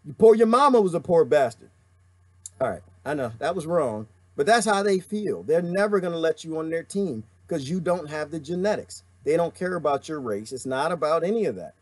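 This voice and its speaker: A man hosting a livestream, ranting with emphatic repetition and calling out viewers by name. His voice is high and sits dry and close to the mic. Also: lively intonation, brisk, hardly any pauses, no room sound. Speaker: livestream host reading viewer comments. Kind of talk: impassioned livestream rant.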